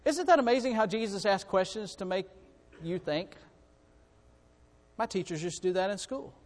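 A male preacher delivering an impassioned, repetitive sermon that swings from quiet to loud. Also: high-pitched, moderate pace, in a large hall.

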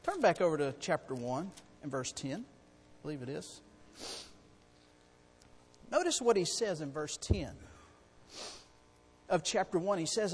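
A man preaching a sermon in a church, excitable and swinging between soft asides and loud exclaiming. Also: fairly high pitch, a little slow, long pauses, breathy edge, in a large hall. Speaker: pastor. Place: church sanctuary.

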